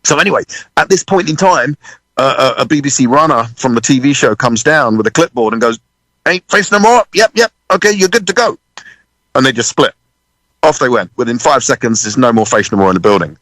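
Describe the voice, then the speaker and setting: A British man, a drummer, telling a lively story in a radio interview, swearing freely and acting out other people's voices. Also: mid-range voice, fast, no echo, poor audio. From United Kingdom. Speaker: guest drummer.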